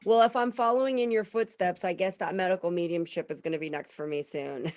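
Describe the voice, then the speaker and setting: A woman in her thirties co-hosting a casual podcast, telling stories in an animated way and acting out what people said. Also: fairly low pitch, fairly quick. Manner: animated storyteller, acts out quotes. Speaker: podcast co-host. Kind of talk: casual chat.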